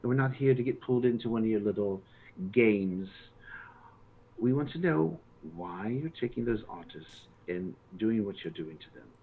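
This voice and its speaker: A man's voice: on the low side, animated, moderate pace, slightly rough. A man questioning a captive in character during a tabletop game, in a dry, sarcastic way. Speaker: player. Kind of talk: in-character interrogation. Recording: tinny phone-like line.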